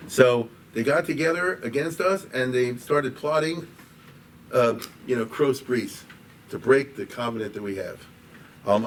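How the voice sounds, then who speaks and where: A man teaching a class as a rabbi, in a conversational, digressive way that grows animated when he quotes. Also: medium pitch. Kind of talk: informal lecture. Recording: distant mic with faint room noise.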